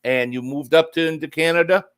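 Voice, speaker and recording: A man's voice: a little high, a little fast, fairly bright tone, clean tone. Rambling, jokey man hosting a livestream. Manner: rambling, jokey, reads out viewer comments. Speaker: livestream host. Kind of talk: casual livestream chat.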